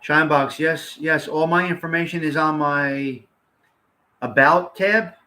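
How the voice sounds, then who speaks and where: A man's voice: on the high side, steady tone, a little slow, bright, forceful tone. A man hosting a casual livestream, chatting to viewers in a blunt, rambling way and swearing freely. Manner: blunt, rambling, salty-mouthed. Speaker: livestream host.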